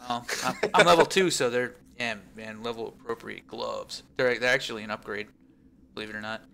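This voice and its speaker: A man's voice: mid-range voice, a little fast, vocal fry, sharp tone, slight background noise. A man developing a game, chatting casually while playtesting it, thinking aloud, laughing often and trailing off with fillers. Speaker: game developer streaming his build.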